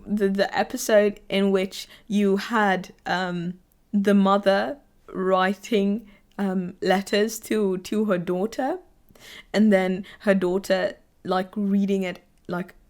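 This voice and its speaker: A woman talks loosely and slowly, piling up fillers and restarts as she chats about the shows she watched. She breaks into laughs and gets teary when a story moves her. Her voice sits at an ordinary middle pitch. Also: fairly even intonation, a little mellow. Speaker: anime vlogger. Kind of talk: casual chat.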